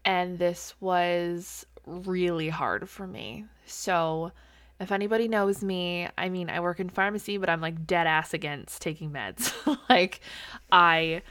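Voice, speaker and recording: A woman's voice: fairly low pitch, slow pace, a bit bright, dry recording. Candid woman in her thirties, dry sound. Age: 30s. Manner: candid, open, casually swears. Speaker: podcast host. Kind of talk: solo personal podcast talk.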